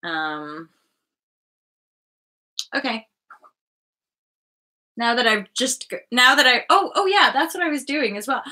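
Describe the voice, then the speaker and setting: A woman's voice: fairly high pitch, sing-song, normal speed, long pauses, bright, forceful tone. A Canadian woman in her thirties hosting a spiritual web show, talking in a loose, rambling livestream chat and often restarting her sentences.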